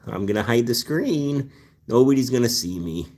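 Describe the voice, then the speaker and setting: A man's voice: mid-range voice, lively intonation, normal speed, mellow. A man hosting a casual live stream about his rescue cats, rambling with lots of fillers as he answers viewer comments. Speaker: cat channel host.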